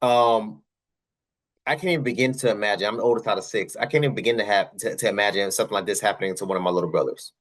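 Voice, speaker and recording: Racing along with hardly a pause, a young man with a fairly low, somewhat bright voice riffs casually on news clips for his channel. He talks right to the viewers, says things more than once, and keeps asking rhetorical questions.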